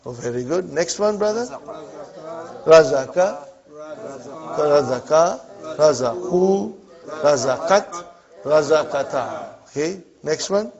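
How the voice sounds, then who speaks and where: A man's voice: fairly high pitch, expressive, a little slow, gravelly, a crowd in the background. A man teaching an Arabic grammar class, drilling verb forms aloud and checking in with his students. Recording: dull lo-fi classroom recording.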